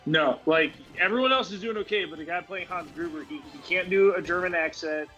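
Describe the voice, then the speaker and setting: A man's voice: high-pitched, fairly quick, fairly bright tone, faint music behind, low-quality recording. A tired man in casual chat while streaming a game, rambling and laughing, with lots of "like". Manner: rambling, laughs often, says "like" a lot.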